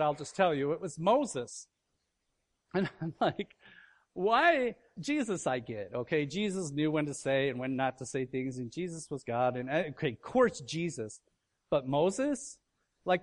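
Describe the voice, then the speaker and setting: A man preaching a sermon to his congregation, animated, with loud emphatic bursts and quiet asides, asking questions and acting out quoted voices. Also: a little high. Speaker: pastor.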